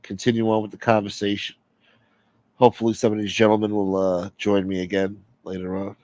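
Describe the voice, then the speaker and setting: A man's voice: on the low side, completely flat delivery, a little fast, mellow, dry recording. A man hosting a casual livestream, rambling and joking as he reads out chat. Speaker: livestream host.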